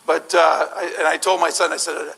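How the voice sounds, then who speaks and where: A middle-aged man telling a humorous personal story as a guest speaker at a church service, animated and laughing, with many restarts. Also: fairly high pitch, moderate pace, creaky, breathy edge, poor audio.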